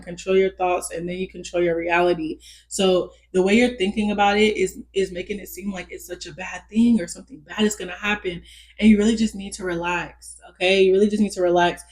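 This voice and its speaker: A woman giving a casual pick-a-card tarot reading straight to her viewers, reassuring them, repeating her points and checking in with "okay?". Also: fairly low pitch. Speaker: tarot reader.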